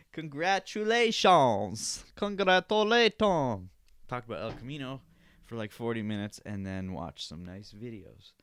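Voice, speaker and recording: A man's voice: lowish voice, moderate pace, clean tone, no room sound. A young man hosting a podcast in casual chat, rambling, laughing often and swearing freely. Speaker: podcast host.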